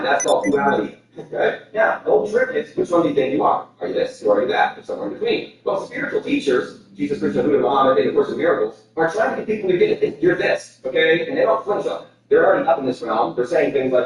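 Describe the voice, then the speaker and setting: A man teaching a spiritual lecture, explaining ideas in a lively way and pointing to props and a board. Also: a little high. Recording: echoey, distant, dull.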